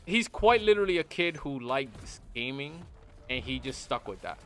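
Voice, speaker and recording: A man's voice: medium pitch, normal speed, a little hiss or hum. A man streaming a game, giving his blunt opinions in casual chat and often repeating himself. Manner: blunt, animated, repeats phrases. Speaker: gaming streamer. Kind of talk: casual opinion talk while gaming.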